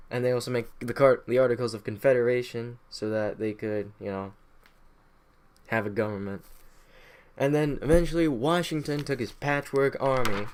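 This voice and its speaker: A man recaps history in a loose, joking way, swearing freely. His voice has a middle pitch, and he talks offhand, like he is chatting with friends. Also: brisk, a little mellow, clear, resonant tone. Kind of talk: casual profane history summary.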